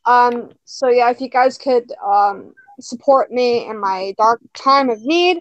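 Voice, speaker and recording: Woman, high pitch, hesitant with ums, dry sound, casual chat. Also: takes it slowly, no room sound, muffled recording. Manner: shy, hesitant, many ums. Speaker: panel guest. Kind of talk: casual online panel chat.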